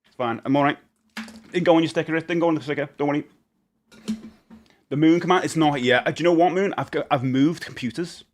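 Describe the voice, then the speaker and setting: A man's voice: fairly high pitch, fast talker, pauses often, a little hiss or hum. A middle-aged man chatting casually on a live stream, rambling and often laughing.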